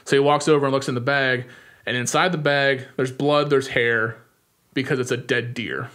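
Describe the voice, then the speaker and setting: A young man recaps a movie plot in an easygoing podcast chat. His voice sits at an ordinary middle pitch, and he talks in a loose, animated way, full of "like" and "um". He keeps slipping into quick acted-out snippets of dialogue. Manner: animated retelling with frequent "like" fillers and quick acted-out lines. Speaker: podcast co-host.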